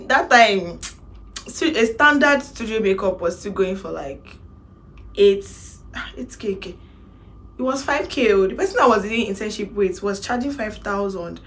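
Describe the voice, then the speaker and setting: A woman in her twenties with a Nigerian accent, telling her own story in a casual vlog, animated and slipping into Pidgin phrases. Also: mid-range voice, moderate pace. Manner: animated, mixes in Pidgin, laughs to hold back tears. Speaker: makeup artist vlogger.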